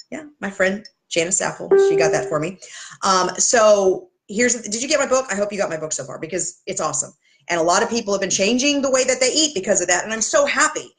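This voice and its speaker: A woman health coach talking straight to camera, giving blunt, tough-love motivational advice with chatty asides. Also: mid-range voice. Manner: chatty, with asides and self-corrections.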